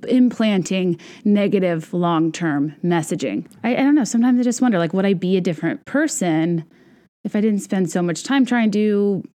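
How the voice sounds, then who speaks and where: A woman's voice: mid-range voice, animated, moderate pace, dark tone. A young adult woman hosting a podcast, talking in a wry, self-deprecating, rambling monologue. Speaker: podcast host. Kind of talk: casual comedic monologue.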